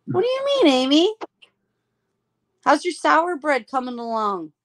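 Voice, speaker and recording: A woman's voice: high voice, sing-song, measured pace, fairly bright tone. A woman hosting a casual live stream, chatting affectionately with friends and laughing often.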